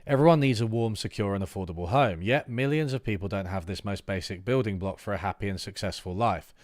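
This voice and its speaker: A low-pitched man streams himself reading a political manifesto aloud. He breaks off into casual, halting asides full of fillers. His voice sounds close and dry, with no room sound. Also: a little mellow, no echo. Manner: reads text aloud, then breaks off into loose asides with fillers. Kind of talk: livestream reading aloud with commentary.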